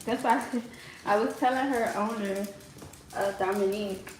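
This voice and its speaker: A woman's voice: medium pitch, moderate pace, a little hiss or hum, low-quality recording. Chatty young woman live-streaming at home. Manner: chatty and animated, lots of "like" fillers, laughs often. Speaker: livestream host. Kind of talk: casual live-stream chat. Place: home kitchen.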